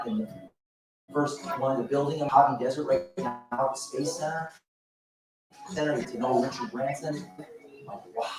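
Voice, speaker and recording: A man in his fifties giving a motivational speech at a business event, telling stories in an animated way with frequent restarts. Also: medium pitch. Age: 50s. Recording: echoey hall, voice from far off.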